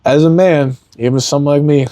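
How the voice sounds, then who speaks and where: A man's voice: on the high side, steady tone, a little fast, warm tone, no room sound. Give me a young man talking candidly on a podcast, earnest and rambling, in a dry close recording. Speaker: podcast guest, MMA fighter. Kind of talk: candid emotional interview talk.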